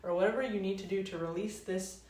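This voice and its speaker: A woman talking through ideas in a reflective, casual monologue, unhurried and searching, drawing out words and trailing off softly. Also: fairly even intonation, distant mic. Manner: unhurried, searching, drawn-out phrasing with soft trailing lows. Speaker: wellness host. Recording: roomy, mic set back.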